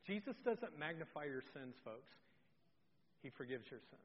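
A middle-aged man preaching a sermon as pastor, telling a family story, animated, and swinging from loud to very soft. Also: on the high side, moderate pace. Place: church. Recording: dull sound with long hall reverb.

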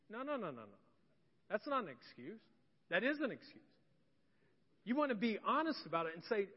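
A male pastor in his thirties preaching a sermon. He swings from hushed confessional tones to loud, indignant outbursts. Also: high-pitched, big pitch swings, normal speed, pauses often. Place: church sanctuary. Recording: echoey hall, slightly dull.

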